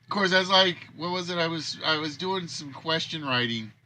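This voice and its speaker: A man's voice: fairly high pitch, normal speed, sharp tone. A man hosting a casual livestream, rambling and thinking aloud about the games he builds. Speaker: game show host and creator.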